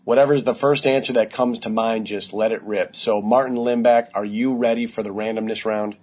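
A man's voice: lowish voice, fairly even intonation, fairly quick, darkish tone. A man hosting a podcast interview, upbeat and encouraging as he sums up his guest's points. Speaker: podcast host.

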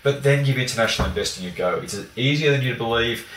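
A man from Australia with an Australian accent, a guest analyst giving a brisk conversational explanation with frequent fillers. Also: mid-range voice, a bit bright, echoey room, far from the mic, slight background noise, low-quality recording.

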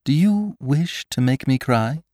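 Give me a man playing a spirited peasant maiden from a storybook, raised high and teasing, in a dry close recording. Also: lively intonation, a little slow, no echo, close to an everyday voice. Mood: pleading. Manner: high, bright, teasing and indignant. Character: lively peasant maiden, young innkeeper's girl.

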